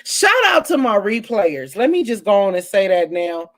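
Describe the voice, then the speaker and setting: Talking at a normal pace in a medium-pitched, very animated voice, she runs her own live stream. Her banter with viewers is casual and lively, packed with exclamations and side comments.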